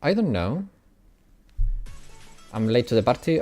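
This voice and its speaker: A man's voice: mid-range voice, expressive, moderate pace, long pauses, a little mellow, soft background music. A man from Italy, whose first language is Italian, speaks with an Italian accent and chats casually with viewers while streaming a game, often laughing. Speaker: gaming streamer. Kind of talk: casual live-stream chat.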